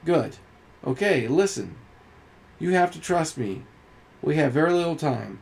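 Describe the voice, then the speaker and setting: A man reading a game's story aloud, voicing a hesitant, pleading mystery star who speaks over a loudspeaker. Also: on the high side, animated, measured pace, vocal fry. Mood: urgent.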